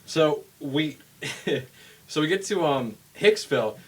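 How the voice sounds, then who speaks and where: A man's voice: on the high side, slow pace, slightly rough, recorded from a distance. A young man hosting a casual podcast with friends, telling stories animatedly and acting out the people he quotes. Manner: animated storyteller who acts out people he quotes. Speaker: podcast host. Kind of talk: casual chat among friends.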